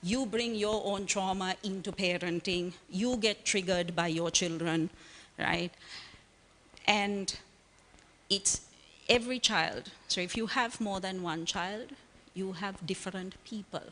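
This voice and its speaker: A woman's voice: mid-range voice, a little slow, a bit bright, slight background noise. A woman counselor giving an emphatic interview answer who keeps asking "right?". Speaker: guest, counselor. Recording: long reverb.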